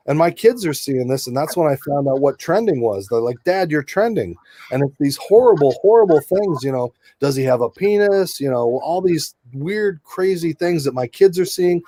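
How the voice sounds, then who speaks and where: A man's voice: fairly high pitch, animated, normal speed, warm tone, dry recording. A middle-aged man, a sports reporter guest, telling rambling stories in a casual interview. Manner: chatty, rambling, many asides.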